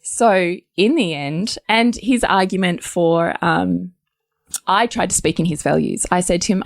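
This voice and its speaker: A woman's voice: on the low side, a little slow, creaky, no room sound, clean studio sound. An Australian woman hosting, telling a personal story frankly and animatedly, swearing freely. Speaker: host.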